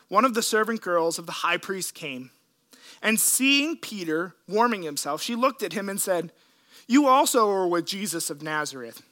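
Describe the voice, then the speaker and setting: A man preaching a sermon, retelling scripture in an earnest, emotional way with dramatic pauses. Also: sits high, bright, forceful tone. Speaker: pastor.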